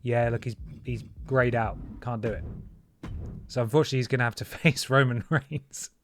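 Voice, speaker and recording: A man's voice: medium pitch, fairly even intonation, normal speed, slight background noise. A man chatting casually to his viewers while he streams a wrestling video game, joking as he goes. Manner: chatty, jokey, talks to chat and mods. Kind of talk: casual live-stream commentary.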